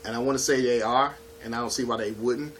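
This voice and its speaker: A man's voice: medium pitch, steady tone, fast, fairly bright tone, slight background noise. A man casually talking through his movie collection in a laid-back, chatty way, often asking "you know what I'm saying.". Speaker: home video collection reviewer. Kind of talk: casual video review.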